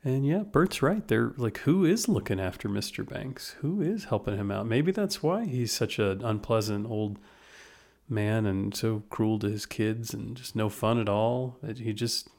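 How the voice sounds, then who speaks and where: A man co-hosting a podcast, talking in a relaxed, conversational way with some hesitations. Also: lowish voice, unhurried. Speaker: podcast co-host. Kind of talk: casual chat.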